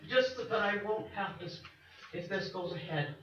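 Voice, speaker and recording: Older man, high voice, echoey chamber. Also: sharp tone, far from the mic. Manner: chatty, self-amused, halting. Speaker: resident speaking at a council meeting. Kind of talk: public comment. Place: council chamber. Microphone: distant room mic. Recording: echoey, muffled, off-mic council recording.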